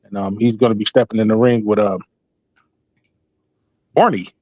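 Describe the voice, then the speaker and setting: A man's voice: fairly low pitch, steady tone, normal speed, darkish tone, no echo. An older man rambling and joking as a guest on a livestream panel, fond of doing impressions. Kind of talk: casual chat on a livestream.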